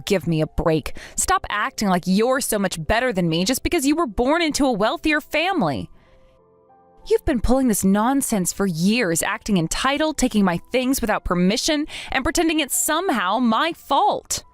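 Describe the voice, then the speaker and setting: Young woman, story lead, firm and indignant, lively higher voice. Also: moderate pace, no room sound, soft background music. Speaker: narrator and lead character. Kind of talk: dramatized story voice acting.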